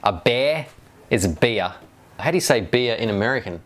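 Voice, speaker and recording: A man's voice: mid-range voice, lively intonation, brisk. A middle-aged man making a casual DIY video, rambling and joking as he reads viewer comments. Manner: rambling and jokey, with wry asides.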